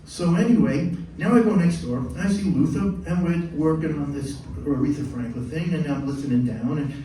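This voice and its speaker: A man's voice: fairly high pitch, moderate pace. Older man telling stories, echoey room. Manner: animated, acts out quoted voices, says "man" often. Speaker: musician telling stories between songs. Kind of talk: storytelling to a live audience. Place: live venue. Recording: echoey room, mic far off, faint noise.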